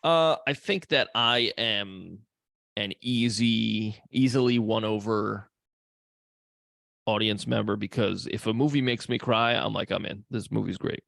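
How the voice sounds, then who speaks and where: A man's voice: lowish voice, a little slow, creaky, fairly bright tone, no room sound, studio quality. A man co-hosting a podcast in easygoing casual chat, swearing now and then. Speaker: podcast co-host; second grade teacher.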